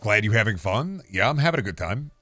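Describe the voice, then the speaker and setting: A man's voice: fairly low pitch, fast, no echo, soft background music. Sarcastic rambling male streamer, dry sound. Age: adult, married. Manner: sarcastic, rambling, mock-calm denial. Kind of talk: casual gameplay chat.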